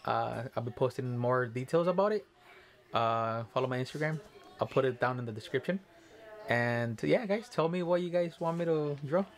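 A man's voice: medium pitch, expressive, moderate pace. A man, an artist and content creator, chatting casually to camera at home while he draws, rambling, giggling and often apologizing.

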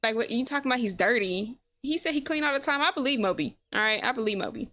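A woman's voice: fairly high pitch, expressive, quick pace, bright, forceful tone. A woman hosting a let's play, chatting casually with viewers and laughing often. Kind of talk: casual gameplay commentary. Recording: game music behind.

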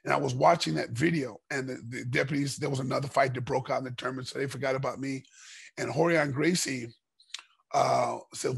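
A middle-aged man from the United States, a former fighter guesting on a podcast, telling stories in a casual, animated way and acting out the dialogue. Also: medium pitch, brisk, gravelly, slightly rough, no echo. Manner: animated storyteller, acts out dialogue. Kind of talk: casual storytelling interview.

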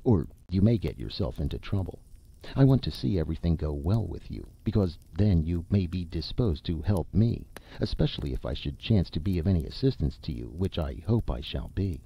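A man reading aloud, voicing a polite, persistent male ghost of an uncle who talks in a calm, reasoning way. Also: deep voice, brisk, vocal fry, husky, highs cut off, exaggerated voice. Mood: coaxing. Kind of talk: audiobook reading.

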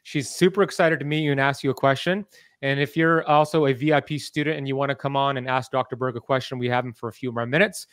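A man hosting a live podcast interview, talking in an energetic, persuasive, rallying way. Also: medium pitch, fast talker, no room sound, studio quality. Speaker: podcast host.

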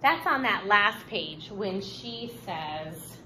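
Bright, animated woman teacher doing a recorded lesson for kids, slow and encouraging, faint hiss behind. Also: mid-range voice, poor audio. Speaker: fourth grade teacher. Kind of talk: recorded online reading lesson.

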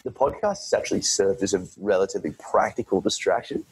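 Husky low-voiced man chatting. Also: big pitch swings, quick pace, rough recording. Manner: rambling, self-correcting, swears casually. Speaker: podcast guest. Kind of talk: casual conversation.

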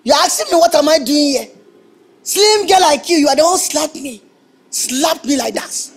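An actor with a Nigerian English accent playing a brash young electrician who mocks and repeats himself in stammering bursts. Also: male voice, very high voice, lively intonation, moderate pace, creaky, exaggerated voice, low-quality recording. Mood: taunting. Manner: mocking, indignant, stammering repetitions. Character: brash young male electrician, taunting and touchy. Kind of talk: film acting.

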